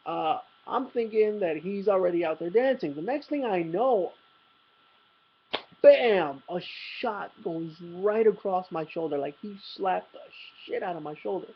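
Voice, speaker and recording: A man's voice: high-pitched, expressive, unhurried, husky, lo-fi sound. A young man vlogging, telling a rambling, profane story about a night out with self-mocking humor. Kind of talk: casual storytelling.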